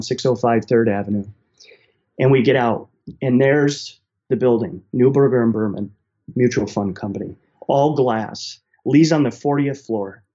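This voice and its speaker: A man's voice: medium pitch, lo-fi sound. A middle-aged man, casually telling a personal story and acting out the voices of the people in it. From central New York. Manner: animated, acts out the voices of people in his story. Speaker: guest telling his life story.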